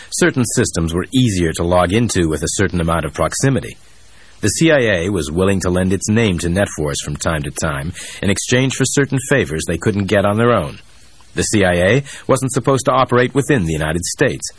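A man narrating a thriller audiobook in a steady, even storytelling voice, recorded close on a studio mic. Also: low-pitched, breathy edge, dry recording.

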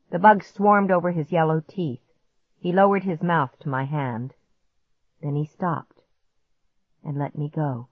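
A woman narrating a storybook in a measured, vivid first-person reading. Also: low-pitched, no echo. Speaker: audiobook narrator. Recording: dull muffled audiobook recording.

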